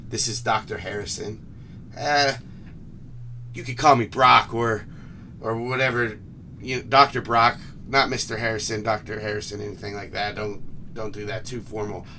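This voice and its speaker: Casual professor lady who waves off titles, played by a man with a low, bright voice, a little off-mic. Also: steady tone, normal speed, recorded from a distance, a little hiss or hum, low-quality recording. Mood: breezy. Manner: rambling, waves off formality. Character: friendly female professor, casual and chatty.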